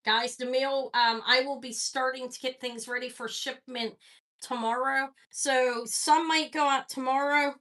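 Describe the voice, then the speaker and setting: A chatty woman runs a live jewelry sale, talking loosely and greeting viewers one by one. Her voice sits a little high and sounds bright and forward. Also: fairly even intonation, measured pace. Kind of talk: casual live-stream selling chat.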